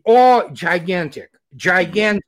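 A man, a guest commentator talking in a casual interview, animated and sardonic with many filler pauses. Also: high-pitched.

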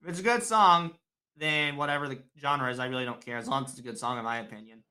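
A man in his twenties with an American accent, a loud, laid-back podcast guest. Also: mid-range voice, fairly even intonation, quick pace. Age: 20s. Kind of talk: casual interview chat.

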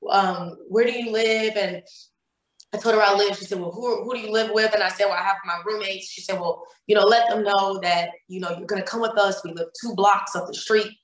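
A woman's voice: medium pitch, fairly even intonation, brisk, reverberant, low-quality recording. A woman from Cleveland, Ohio, telling a painful personal story as a podcast guest, repeating words and acting out quoted dialogue.

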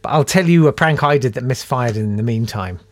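A man's voice: medium pitch, fairly quick. A man hosting a podcast, telling a story about himself in a casual way and reading out emails from listeners. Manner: animated, self-deprecating, acts out voices in his anecdotes. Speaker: podcast host.

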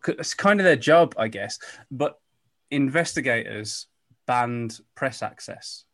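A man's voice: mid-range voice, unhurried. A man, hosting a podcast and casually telling a story, with fillers and restarts. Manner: relaxed, hesitant, with fillers and restarts. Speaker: podcast host telling the case.

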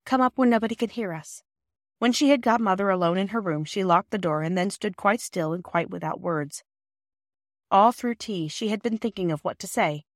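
A woman narrates a classic children's story with gentle, measured pacing. Her voice sits in a middle register, recorded close and dry. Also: mid-range voice, no room sound. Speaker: audiobook reader. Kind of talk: scripted narration.

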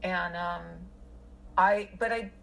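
A woman's voice: on the low side, fairly even intonation, slow, fairly bright tone, low-quality recording. A middle-aged woman telling a personal story in casual conversation, rambling with many fillers and restarts.

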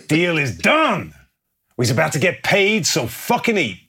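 A man's voice: a little high, wildly swooping pitch, takes it slowly, bright, forceful tone, breathy edge, voice pushed up, heavily acted. A man doing a bellowing, coarse biker gang boss. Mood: gloating. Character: gruff middle-aged male biker gang boss.

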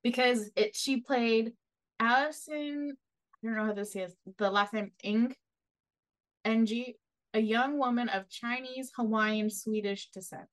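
A woman co-hosting a casual chat, chiming in quickly and agreeing eagerly. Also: fairly high pitch, low-quality recording. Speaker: podcast co-host.

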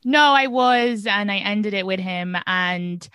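A young woman hosting a podcast, chatting casually and rambling with quick laughs. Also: mid-range voice, pushed and bright, clear, resonant tone, no echo, clean studio sound. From abroad from the guests. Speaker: podcast host. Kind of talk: casual interview chat.

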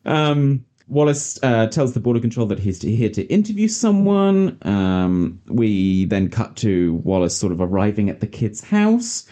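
A woman's voice: a bass voice, big pitch swings, a little slow, few pauses, dark tone. A British woman hosting a podcast, chatting casually as she recaps a film's plot with lots of fillers. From Britain. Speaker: podcast host. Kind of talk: casual movie-review chat.

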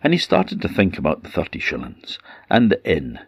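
A man with an Orkney Scottish accent telling a folk tale in a measured, conversational way. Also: deep voice, very animated, slightly rough, dry recording, studio quality. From Orkney, Scotland. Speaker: storyteller.

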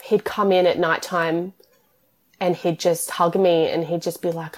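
A woman's voice: fairly low pitch, little pitch movement, measured pace. A woman, telling her story as an interview guest in long, tumbling run-on sentences full of "like". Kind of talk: emotional personal interview.

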